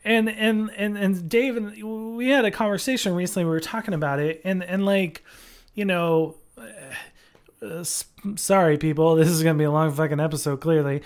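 A man's voice: high voice, steady tone, moderate pace. A man co-hosting a podcast, rambling casually with lots of fillers, restarts and swearing. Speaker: podcast co-host. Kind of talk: casual chat.

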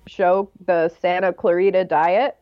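A woman's voice: on the low side, steady tone, a little slow, dry recording, muffled recording. A woman co-hosting a podcast, telling a story in casual chat and acting out quoted lines.

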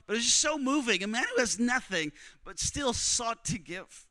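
A young man preaching, telling a missionary story with strong emotion, often dropping to a hush for other people's words. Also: extremely high pitch, lively intonation, normal speed, no room sound. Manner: emotional, quotes others in hushed voices. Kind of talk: sermon storytelling.

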